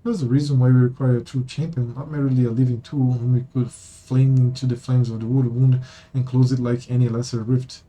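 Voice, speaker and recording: A man reading a game's story text aloud on stream and musing about it in an offhand way. His voice is very dark and mellow with a husky edge. His pitch sits at an ordinary middle height. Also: level tone, a little fast, poor audio.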